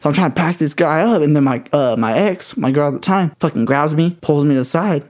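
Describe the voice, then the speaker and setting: A man telling a story among friends, animated and full of swearing. His voice sits a little high. He rattles along at a rapid clip. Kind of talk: casual storytelling chat.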